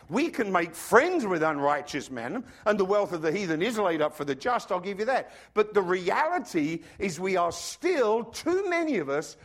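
Animated male preacher, high voice with wide swings, engages the congregation. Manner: animated preaching, asks the congregation questions, acts out quoted voices. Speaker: pastor. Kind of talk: sermon. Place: church.

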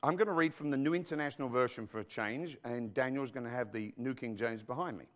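A man's voice: medium pitch, fast, fairly bright tone. A male pastor preaching a sermon in a church, who keeps calling out to the congregation with questions as he goes. He grew up outside the United States. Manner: preachy call-and-response with the congregation.

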